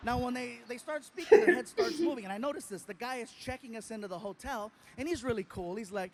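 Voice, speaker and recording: A man's voice: very high voice, lively intonation, quick pace, few pauses, darkish tone, slight background noise. A man performing a stand-up comedy routine, telling a story with animation and acting out other people.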